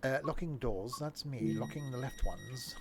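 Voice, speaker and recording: A man's voice: medium pitch, moderate pace, noisy background. A young man chatting casually as he streams a game, joking and narrating what he does. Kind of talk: casual gameplay commentary.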